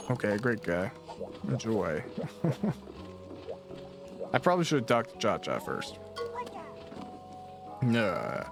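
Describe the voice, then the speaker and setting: Let's play guy, wry asides, lively pitch, faint game music. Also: slow pace, pauses often. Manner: wry asides, reads game dialogue aloud. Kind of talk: casual gameplay commentary.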